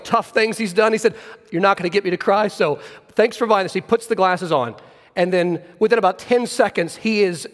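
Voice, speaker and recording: A man's voice: high-pitched, big-room sound. A male pastor preaching a sermon, earnest and conversational, telling stories with frequent restarts.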